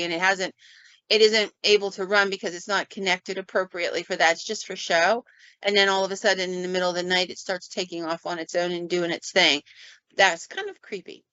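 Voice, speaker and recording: A woman, a paranormal investigator, telling stories in a casual podcast chat and acting out sounds and quotes with lively flair. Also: lowish voice, dry recording. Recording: dull, dry lo-fi recording.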